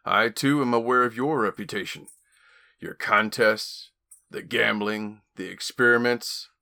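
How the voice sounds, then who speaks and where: A man's voice: on the low side, steady tone, unhurried, vocal fry, pushed and bright, heavily acted. A man voicing a cruel, one-eyed alien warrior who speaks in a menacing growl.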